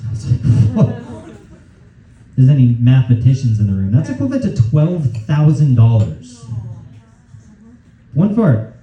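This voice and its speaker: A man's voice: mid-range voice, sing-song, normal speed, long pauses. A young man doing a stand-up set, telling a story in a loose, rowdy way, often laughing mid-line, on a club stage with a handheld mic. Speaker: stand-up comedian. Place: comedy club stage, live audience. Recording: roomy, distant, dull club recording.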